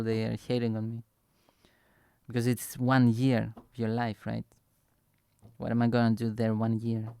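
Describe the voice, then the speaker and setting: Young man for a casual vlog; loose, chatty storyteller, smooth voice, mid pitch. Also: dry recording. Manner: rambling, animated, heavy filler words like "right?" and "boom". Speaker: vlogger.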